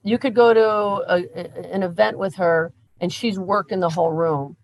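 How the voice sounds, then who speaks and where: A middle-aged woman, a mother and podcast guest, telling stories in a lively, animated way. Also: lowish voice, moderate pace, slight background noise, low-quality recording. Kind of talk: casual interview chat.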